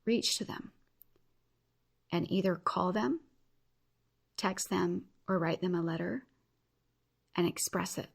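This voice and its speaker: A woman in her thirties hosts a motivational podcast with a husky, breathy voice that sits a little low. She speaks earnestly and encourages her listeners directly. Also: slow pace, pauses often. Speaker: podcast host.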